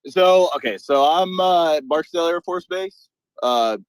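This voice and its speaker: A man's voice: a little high, clear, resonant tone, no echo, rough recording. A man working as an aircraft maintenance supervisor, chatting casually and profanely on a group call from his job on an air base. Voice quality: profane, rambling, says he talks fast.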